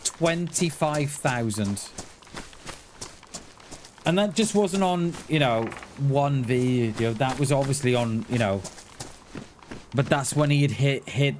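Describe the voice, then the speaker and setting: A man's voice: medium pitch, takes it slowly, pauses often, darkish tone. A middle-aged man chatting casually to viewers while streaming a game, calling them "mate" and often restarting his sentences. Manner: chatty, says "mate" a lot, many restarts. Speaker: livestream gamer. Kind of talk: casual livestream chat. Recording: faint background noise and clicks.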